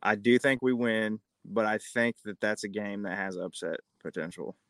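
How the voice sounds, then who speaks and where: A man's voice: lowish voice, moderate pace, no echo. A male podcast co-host in a casual sports chat, hedging and thinking aloud.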